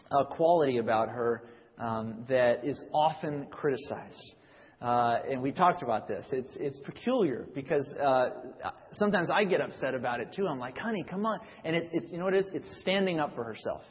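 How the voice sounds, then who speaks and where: Man preaching in a reverberant hall. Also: mid-range voice. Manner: conversational preaching with frequent restarts, rising when reading scripture. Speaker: pastor. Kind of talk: sermon. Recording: dull sound with long reverb in a hall.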